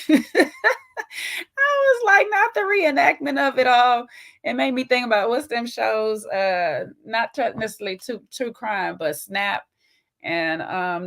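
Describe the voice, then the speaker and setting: A woman's voice: fairly low pitch, gravelly. Chatty woman with a Southern twang. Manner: chatty, animated, slangy, laughs often. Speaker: host. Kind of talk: casual reality TV recap chat.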